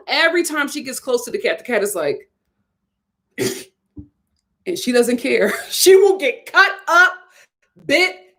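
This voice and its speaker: Her fairly high, fairly bright voice carries a laugh-filled, opinionated live review of a TV episode. Chatty and casual, this TV reviewer acts out quoted lines in different voices.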